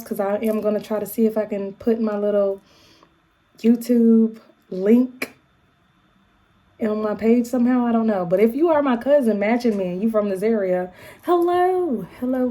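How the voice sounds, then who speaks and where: A woman with an African American English accent, chatting casually to her viewers in a vlog, animated and full of quick asides and shout-outs. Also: a little high. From United States. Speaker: YouTube vlogger.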